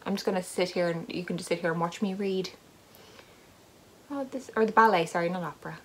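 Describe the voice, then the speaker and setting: A woman's voice: fairly low pitch, brisk, a bit bright, slight background noise. A woman who hosts a knitting podcast, talking in a casual, rambling vlog with self-deprecating asides as she unboxes advent yarn. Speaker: knitting vlogger and podcast host.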